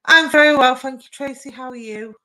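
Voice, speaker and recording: A young woman talks casually into her webcam from home, answering viewers' comments one by one. Her voice is bright and clear, and her easy chat is full of little ums and restarts. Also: high-pitched, brisk, low-quality recording. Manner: chatty, warm replies to viewer comments with frequent fillers. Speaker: psychic medium and live stream co-host. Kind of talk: casual live stream chat and readings.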